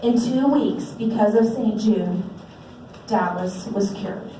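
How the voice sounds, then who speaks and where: A woman's voice: mid-range voice, slow pace, warm tone, a little hiss or hum. A woman in her forties gives an earnest, heartfelt personal testimony to an audience at a fundraiser, speaking into a handheld microphone. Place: large event hall. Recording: very echoey hall, distant mic.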